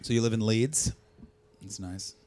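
A young man doing profane, mocking stand-up crowd work, bursting loud at times. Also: lowish voice, a little slow, background noise. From Canada. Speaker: stand-up comedian.

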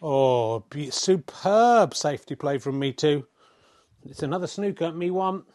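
A man's voice: a little high, animated, a little slow, background noise. Wry mock snooker commentator, a man. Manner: wry, self-mocking, swears in mock exasperation.

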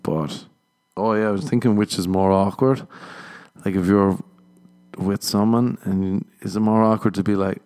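A man's voice: steady tone, moderate pace, darkish tone. A young man hosting a podcast, chatting casually and laughing often as he tells stories. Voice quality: low, gravelly, laughs often. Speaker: podcast host. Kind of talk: casual chat.

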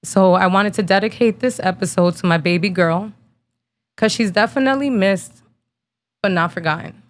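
A woman's voice: mid-range voice, moderate pace. Blunt, emotional woman telling a story. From New Jersey. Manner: blunt, casual, swears freely, slangy storytelling. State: emotional, holding back tears. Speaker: podcast host. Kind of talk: personal storytelling podcast.

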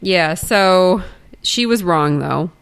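A woman's voice: on the low side, lively intonation, vocal fry, smooth. Chatty woman co-hosting a movie podcast. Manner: chatty, laughs often, quick asides. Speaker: podcast co-host. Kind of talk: casual movie discussion.

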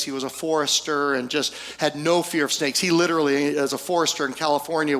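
A male pastor preaching a storytelling sermon, folksy, with humorous asides and pauses for effect. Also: on the high side, fairly bright tone.

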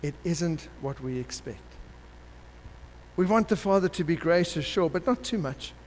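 A man preaching a sermon, telling a parable in an animated way and acting out the characters. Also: fairly high pitch, unhurried. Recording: long hall reverb with faint background noise.

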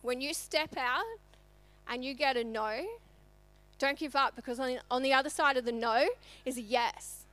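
Bright-voiced woman giving a testimony. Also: high-pitched, moderate pace. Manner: storytelling, animated, conversational. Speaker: church speaker. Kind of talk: sermon testimony. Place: church.

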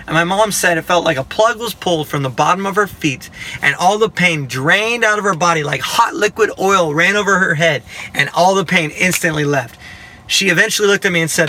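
A man giving a personal Christian testimony, telling it in a lively way, acting out the dialogue and adding self-mocking jokes. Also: high voice, brisk, a little hiss or hum. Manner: humorous, self-mocking asides. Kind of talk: storytelling testimony to a listener.

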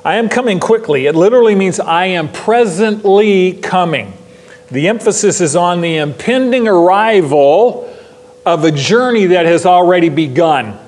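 A man's voice: sits high, expressive, measured pace, darkish tone. A pastor preaching a sermon in a church, stressing his points by repeating them. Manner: emphatic, repeats key lines for stress. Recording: long hall reverb.

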